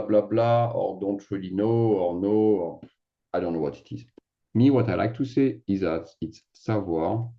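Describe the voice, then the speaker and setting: A man's voice: on the low side, gravelly, muffled recording. A man with a French accent, a native French speaker, explaining grammar as a teacher in a casual classroom way, often checking in with "d'accord?". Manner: sprinkles French fillers, asks "d'accord?" often.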